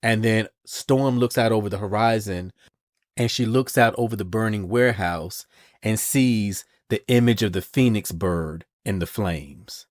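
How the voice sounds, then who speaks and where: A man's voice: fairly low pitch, unhurried. A man hosting a podcast, casually retelling a comic story in a chatty style and acting out the characters' lines. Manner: chatty storytelling, retells scenes with "and she goes". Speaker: podcast host. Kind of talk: casual comic-book recap.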